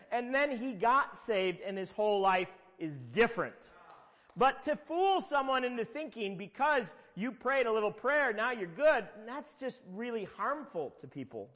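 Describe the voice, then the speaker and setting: A man's voice: extremely high pitch, animated, normal speed, a bit bright. A middle-aged man preaching a sermon, telling stories conversationally with emphatic repetitions. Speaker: pastor. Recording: long hall reverb.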